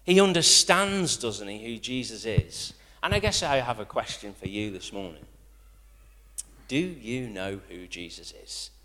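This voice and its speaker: A man preaching a sermon, lively, rising to loud quotations and dropping to quiet asides. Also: fairly low pitch, a little slow. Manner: animated, rising to near-shouts when quoting, dropping to quiet asides. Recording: long hall reverb.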